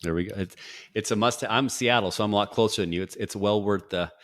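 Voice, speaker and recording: A middle-aged man hosting a podcast in a casual, upbeat and jokey way, firing off quick quiz questions. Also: fairly low pitch, a bit bright. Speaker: podcast host. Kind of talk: casual interview talk.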